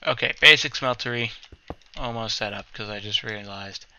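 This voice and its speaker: A man's voice: lowish voice, moderate pace, pushed and bright, slight background noise. A man hosting a let's play, giving casual, rambling gameplay commentary, often correcting himself and humming little sound effects.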